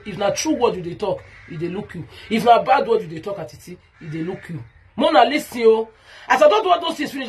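Heated Nigerian woman, very husky voice. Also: mid-range voice. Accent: Nigerian Pidgin English. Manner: heated, repetitive, calls out someone by name. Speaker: vlogger. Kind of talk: ranting vlog monologue.

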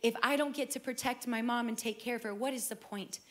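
A middle-aged woman, a worship singer with a slightly high voice, gives an earnest, emotional personal testimony at a brisk pace. Her storytelling circles back to repeated phrases.

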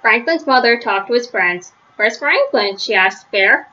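A woman reading a children's story aloud, gentle, with small slips and restarts, on a slightly lo-fi recording. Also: fairly high pitch, moderate pace. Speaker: storybook reader.

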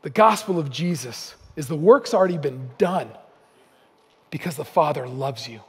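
A male guest preacher with a notably high voice delivers an earnest sermon that swells into emphatic peaks. The sound carries the long reverb of a church sanctuary. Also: expressive, normal speed, breathy edge. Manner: earnest, building to emphatic outbursts. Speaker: guest speaker.

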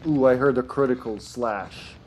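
A man streaming an online game with friends, joking loudly, swearing and cheering at the action. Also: mid-range voice, moderate pace. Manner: excitable, swears and jokes loudly. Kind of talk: casual gaming chat.

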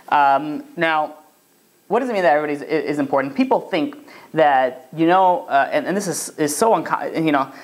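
With a fairly high pitch, a man leads a lively Torah class as a rabbi. He acts out the voices he quotes and keeps restarting his sentences.

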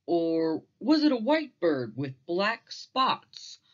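A woman's voice: fairly low pitch, very animated, takes it slowly, highs cut off, full character voice. A woman voicing a good-natured, puzzled father bear in a storybook read-aloud, questioning and bemused.

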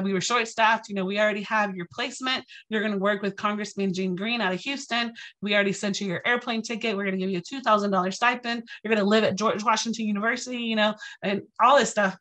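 Bright, animated woman telling a story. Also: mid-range voice. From Texas. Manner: animated, acts out quotes, addresses audience directly. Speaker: guest speaker. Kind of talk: storytelling lecture to a live audience.

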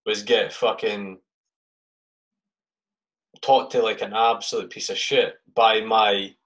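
Laid-back low-pitched male podcast host. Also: flat delivery, unhurried, fairly bright tone, poor audio. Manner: laid-back, swears casually. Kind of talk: casual interview chat.

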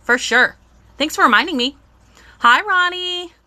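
A woman's voice: sits high, animated, a little slow, sharp tone. A young woman, chatting bubbly on a live stream as she unboxes toys and greets viewers.

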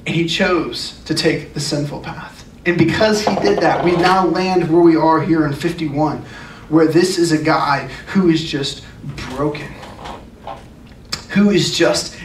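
Male youth pastor, high voice, earnest sermon, recorded from afar in an echoey room. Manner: earnest, emphatic, repeats phrases. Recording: echoey room, distant mic, faint noise.

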